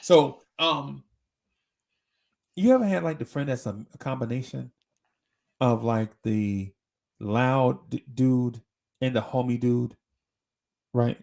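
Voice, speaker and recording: A man's voice: medium pitch, takes it slowly, creaky, long pauses, a little mellow. A man hosting a live show, telling a slangy, rambling story with many restarts. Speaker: host. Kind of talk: casual storytelling chat.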